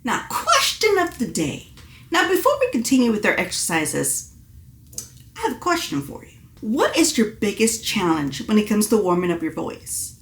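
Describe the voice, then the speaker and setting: A woman's voice: mid-range voice, wildly swooping pitch, normal speed. A woman vocal coach leading an online singing lesson, encouraging and demonstrating exercises. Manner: encouraging, demonstrates with sung hoots. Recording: echoey room.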